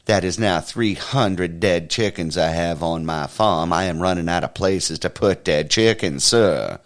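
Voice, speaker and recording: A naive young city man who has just taken up chicken farming, speaking prim and formal with a deep, low voice, as a man puts him on. He sounds indignant and sure of himself in a told joke. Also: a little slow.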